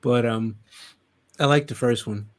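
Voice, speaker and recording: A man hosting a casual podcast chat, animated, swearing and laughing as he talks. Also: mid-range voice, a little slow. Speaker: podcast host.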